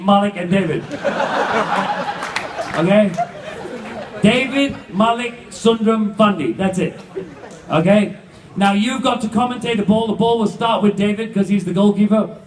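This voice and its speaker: Fifty-something male emcee, brash and teasing, recorded from across an echoey banquet hall. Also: sits high. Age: 50s. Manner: teasing, loud and joking. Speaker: emcee running stage games. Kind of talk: live stage banter with audience. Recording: echoey hall, distant, crowd noise.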